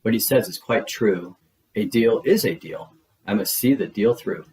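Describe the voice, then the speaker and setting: A man voicing a gentle, weary male elephant in a storybook read-aloud, speaking in an earnest, pleading way. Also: on the low side, normal speed, close to an everyday voice. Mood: worried.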